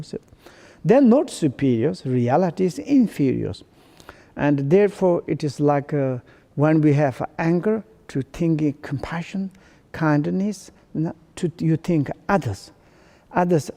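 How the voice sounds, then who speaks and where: A man giving a Buddhist dharma teaching to his students in halting non-native English, full of restarts and unhurried, gently humorous reflection. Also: a little high, animated, gravelly.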